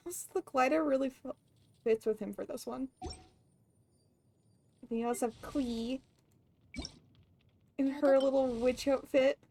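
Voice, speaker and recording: A woman streamer chatting casually while gaming, excitable and gushing, swearing freely. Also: sits high, a little slow, pauses often. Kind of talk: casual gameplay chat.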